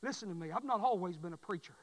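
High-voiced preacher man. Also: animated, racing, in a large hall, rough recording. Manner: fervent, repetitive preaching that swells to loud pleading. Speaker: pastor. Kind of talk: sermon. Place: church.

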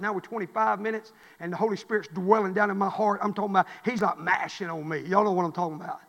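High-voiced preacher in a hall. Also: male voice, muffled recording. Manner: fervent preaching with rising shouts and soft storytelling. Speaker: pastor. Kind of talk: sermon. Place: church.

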